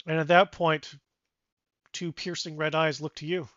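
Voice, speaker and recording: A man narrating a tabletop game as game master, animated with sound effects. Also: fairly high pitch, normal speed, pauses often, dry recording, highs cut off.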